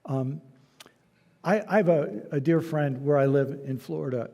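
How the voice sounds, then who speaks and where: Man with a dark tone in a reverberant hall. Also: a little high, a little slow, gravelly. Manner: conversational storytelling, soft trailing endings. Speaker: guest speaker answering questions. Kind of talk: lecture Q&A. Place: church hall.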